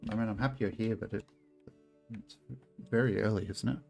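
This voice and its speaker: A man's voice: on the low side, fairly quick, vocal fry, darkish tone, soft background music. A man streaming a game and chatting casually with his viewers, rambling and swearing freely. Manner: chatty, swears a lot, rambling asides to chat. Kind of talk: casual gameplay streaming chat.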